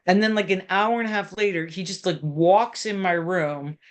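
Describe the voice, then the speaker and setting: Animated middle-aged woman counseling parents. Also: on the low side, normal speed. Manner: animated, acts out parents and teens in quoted voices, many fillers. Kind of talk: talk to parents.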